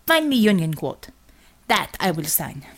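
A woman's voice: lowish voice, sing-song, unhurried. A woman voicing a zealous Russian woman commissar who speaks in clipped English without articles, with a Russian accent. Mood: stern.

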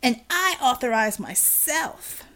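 A woman voicing a towering, brash teenage boy with superpowers, loud and careless in his speech. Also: sits high, sing-song, slow pace, pitched above the performer's own voice, heavily acted. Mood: taunting. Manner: loud careless youthful taunting. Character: towering brash teenage male metahuman brute.

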